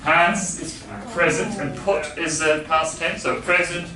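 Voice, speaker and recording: A man's voice: on the high side, fairly even intonation, a little slow, crowd noise. Man teaching a grammar class, echoey. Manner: patient, explaining, asks the class questions. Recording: echoey classroom, far from mic, background noise.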